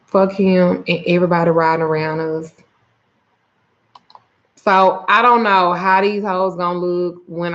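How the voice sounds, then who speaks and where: A root worker and spiritual reader chats on a casual livestream, greeting people by reading their names and telling a story full of cursing and exasperation. Her voice is fairly low, and the recording has its highs cut off.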